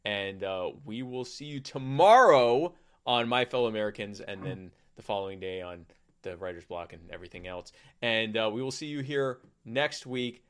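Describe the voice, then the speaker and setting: A man's voice: fairly low pitch, lively intonation, normal speed, smooth. A man co-hosting a podcast, wrapping up the show in a jokey, rambling way. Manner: jokey, rambling, auctioneer patter. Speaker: podcast co-host. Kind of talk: casual show outro chat.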